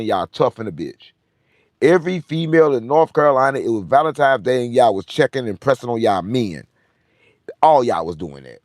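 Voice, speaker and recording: A man hosts his own show and tells a story in a loose, rambling rant. He swears constantly, circles back to the same phrases, and brags as he goes. His pitch swings up and down a lot, and his voice sounds close and dry. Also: no room sound. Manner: profane, repetitive, boastful. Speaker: show host.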